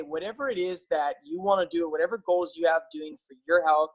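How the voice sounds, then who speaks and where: A man's voice: a little high, fairly even intonation, a little fast, muffled recording. A man speaking casually and eagerly to his viewers as a health practitioner, upbeat and persuasive, with frequent fillers. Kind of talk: casual enthusiastic talk to camera.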